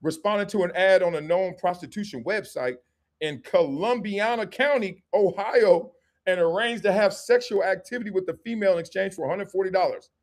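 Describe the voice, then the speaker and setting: A middle-aged man hosting a live show, commenting on sports and culture in a joking, animated way and acting out quick skits. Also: high-pitched. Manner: animated and joking, slips into quick acted-out skits with different voices. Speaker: host.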